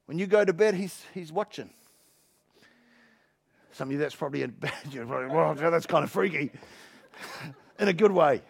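High gravelly preacher, loud then hushed. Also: male voice, expressive, normal speed, long pauses. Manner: swings from loud shouting to hushed low asides, jokey and emphatic. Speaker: pastor. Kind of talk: sermon. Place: church.

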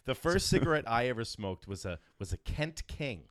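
A man's voice: medium pitch, very animated, a bit bright, no echo. A man in a mid-range voice hosting a podcast, chatting casually. He rambles and jokes, restarting his sentences as he goes. The sound is dry and close, with no room around it. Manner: rambling, joking, quick restarts. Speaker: podcast host. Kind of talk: casual chat.

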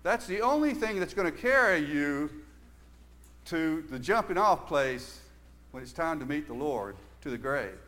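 An older man preaching a sermon, earnest, moving between emphatic stresses and quiet, hushed stretches. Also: on the high side, big pitch swings, unhurried. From Southern United States.

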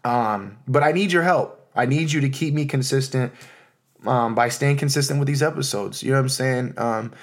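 American man, 30s, solo podcast host, middle-pitched, loose and heartfelt delivery. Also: normal speed. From United States. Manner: heartfelt, loose and rambling, with many fillers. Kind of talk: casual solo podcast monologue.

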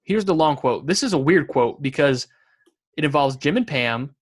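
A man's voice: on the high side, lively intonation, normal speed. A man co-hosts a laid-back podcast, chatting about a show with his co-host. He reads out favorite lines in a casual, amused way and laughs as he goes. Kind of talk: casual chat.

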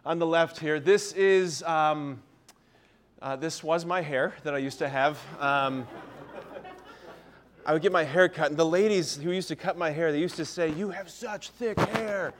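A man's voice: a little high, steady tone, normal speed. A man in his thirties from Ohio, a priest giving a humorous talk to parents and telling self-deprecating stories. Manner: self-deprecating storyteller, keeps asking "right?". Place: parish hall or church.

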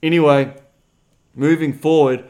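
A man hosting a podcast as a dating coach, swearing freely and retelling a client's story bluntly, jumping loud and high whenever he quotes himself. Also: steady tone, a little slow.

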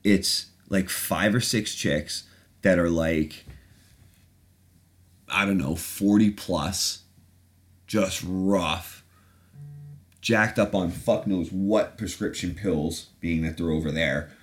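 Brief: a low-voiced male podcast host, rambling and sarcastic, swears freely. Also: steady tone, takes it slowly, long pauses. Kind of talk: casual chat.

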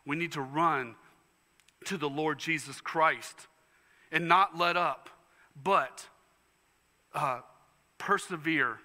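A man preaching a sermon as pastor, passionate, dropping to hushed tones and rising to fervent declarations. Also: mid-range voice, long reverb tail. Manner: impassioned preaching, swings from hushed to loud. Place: church sanctuary.

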